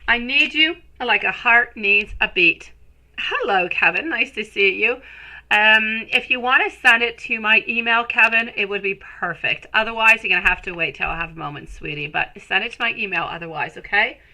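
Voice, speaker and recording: A woman's voice: medium pitch, fairly quick, pushed and bright, poor audio. A woman giving a live-stream tarot reading, chatty and affectionate, calling viewers sweetie. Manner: chatty, rambling with restarts. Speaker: tarot reader.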